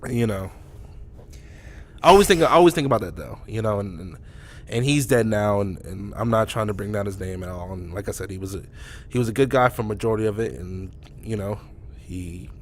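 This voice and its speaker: A man's voice: lowish voice, slight background noise. A man co-hosting a podcast, telling a story in a rambling way with many restarts. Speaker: podcast co-host. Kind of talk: casual storytelling.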